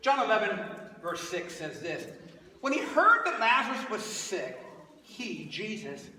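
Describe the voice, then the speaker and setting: A man's voice: sits high, big pitch swings, measured pace, sharp tone, slight background noise. A man preaching a storytelling sermon, animatedly acting out both sides of a phone call. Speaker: guest preacher. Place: large church sanctuary. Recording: echoey hall from far off.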